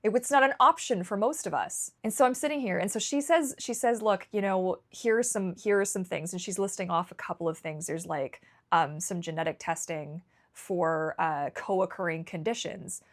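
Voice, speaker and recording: A woman's voice: on the low side, normal speed. Emotional Canadian woman venting on camera. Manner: emotional, rambling, frequent restarts. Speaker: vlogger. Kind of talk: candid personal vlog.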